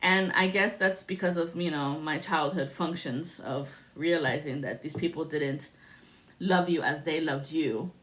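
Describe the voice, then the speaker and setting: A woman's voice: low-pitched, a little slow, fairly bright tone. A woman giving a spiritual tarot reading to camera, talking in a rambling, musing way and often breaking into laughter. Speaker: tarot reader.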